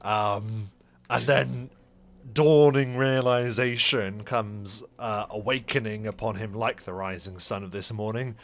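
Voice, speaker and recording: Slow-paced man narrating his character. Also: fairly low pitch, steady tone. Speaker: player. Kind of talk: narrating a tabletop game character.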